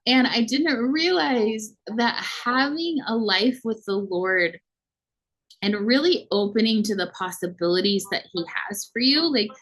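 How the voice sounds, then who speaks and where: On a low-quality recording, a woman in her thirties who vlogs about faith gives an earnest, emotional testimony from the heart, letting out soft laughs. She speaks a little slowly in an animated voice on the high side.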